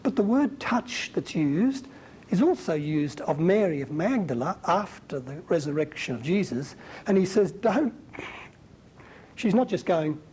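Animated, colloquial male preacher. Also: a little high, moderate pace, a little hiss or hum, rough recording. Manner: animated, colloquial, warmly emphatic. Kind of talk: conversational Bible teaching.

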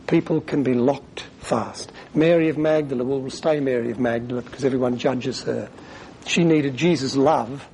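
A man preaches a sermon, his voice slightly high for a man yet mellow in tone. He talks earnestly, with pauses, and sometimes acts out the lines he quotes. A faint noise hums behind him.

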